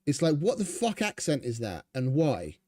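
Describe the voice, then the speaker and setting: A man's voice: a little high, huge pitch swings, normal speed, darkish tone. A man giving casual, rambling gameplay commentary as a streamer, chatty and swearing freely. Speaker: gaming streamer.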